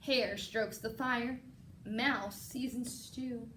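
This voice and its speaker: A woman teacher reading a picture book aloud to children, expressive and encouraging. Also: a little high, very slow, slight background noise. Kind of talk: children's story read-aloud.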